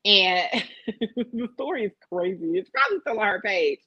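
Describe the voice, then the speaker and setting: Woman, casual gossip, profane, animated storyteller, lively pitch, dry lo-fi sound. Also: normal speed, vocal fry, husky, dry recording. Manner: profane, animated storytelling with quoted voices and laughter. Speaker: podcast co-host.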